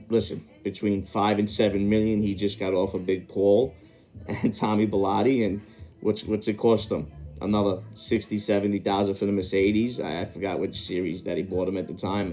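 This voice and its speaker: Faint music sits behind a man's mellow, low-leaning voice as he hosts a podcast at a moderate pace and a level tone. He tells a long story loosely, rambling and self-correcting, breaking off now and then to recall details.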